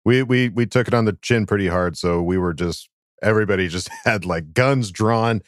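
A man's voice: fairly low pitch, normal speed, no echo, clean studio sound. A man co-hosting a sports podcast, chatting casually and laughing as he reads fan messages aloud. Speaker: podcast co-host. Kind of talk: casual chat.

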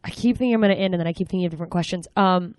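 A young woman hosting a casual chat, asking quick, playful questions. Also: fairly low pitch, a little mellow, dry recording, clean studio sound. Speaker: podcast host.

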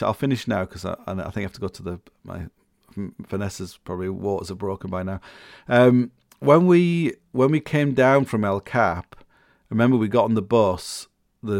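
A man's voice: on the low side, a little mellow, dry recording, clean studio sound. A middle-aged man rambling casually as a podcast host, full of restarts and fillers, chuckling now and then.

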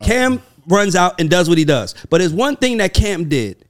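High lively man pressing back hard. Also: normal speed. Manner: pushes back, interrupts, laughs. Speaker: podcast host. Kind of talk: heated casual conversation.

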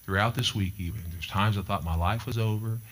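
Delivering a sermon, a middle-aged pastor in a lowish voice speaks briskly and emphatically. He's a storytelling preacher who keeps circling back to his main points for emphasis.

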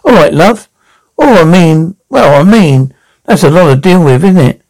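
A woman's voice: on the low side, expressive, normal speed, darkish tone, low-quality recording. A woman playing a cheeky, foul-mouthed elderly grandmother who mocks and nicknames everyone in a comedy sketch. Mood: mock-sympathetic. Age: older. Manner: mocking, name-calling, interrupting.

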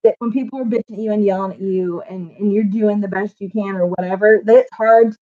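A woman's voice: mid-range voice, steady tone, fairly quick, phone-quality sound. A woman in casual chat, recounting a story and filling in details.

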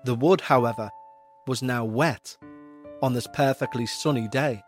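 A man's voice: medium pitch, unhurried, faint music behind. Man narrating a creepy story. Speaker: podcast host reading a listener's story.

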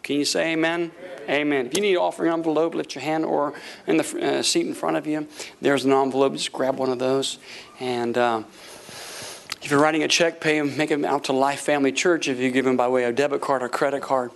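A man preaching a sermon, telling a story with lively acted-out quotes and frequent laughter. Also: on the high side, brisk, gravelly. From Florida. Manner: animated, acts out quotes, laughs often. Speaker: pastor.

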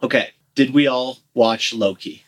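A man's voice: medium pitch, a little slow. A man hosting a casual movie review chat, joking and quoting lines in mock voices. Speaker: podcast host.

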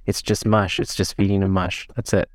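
A man's voice: deep voice, flat delivery, moderate pace, no room sound, studio quality. A man in a casual podcast chat, laid-back and crude, joking dryly.

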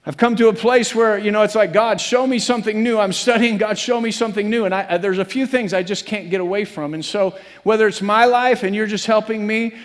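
A man preaching a sermon as pastor, earnest and repetitive, building to emphatic peaks. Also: sits high. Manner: earnest, repeats phrases, rises to emphatic peaks. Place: church sanctuary. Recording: long reverb of a church hall.

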